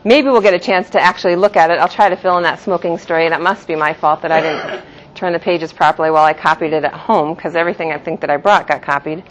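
A woman's voice: lowish voice, steady tone, fast, a little hiss or hum. A woman teaching a Jewish philosophy class, explaining terms patiently and giving each in two pronunciations. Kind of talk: classroom lecture. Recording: dull lo-fi classroom recording.

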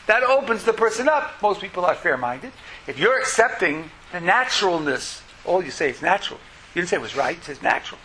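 A man teaching a lecture as a religious teacher, in an animated way that acts out quotes in lively voices. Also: high-pitched, brisk, a little hiss or hum, rough recording.

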